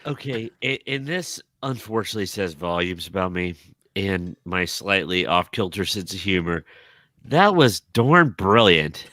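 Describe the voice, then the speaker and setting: A man with a bright, forceful voice chats with his co-hosts and drops quick, self-mocking asides. The recording is dry and close. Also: sits low, no room sound. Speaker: podcast co-host. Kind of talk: casual chat.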